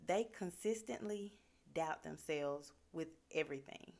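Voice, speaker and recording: A woman's voice: fairly low pitch, measured pace, a little mellow. A woman giving a casual motivational talk in an earnest, conversational way, with lots of "like" fillers. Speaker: motivational speaker.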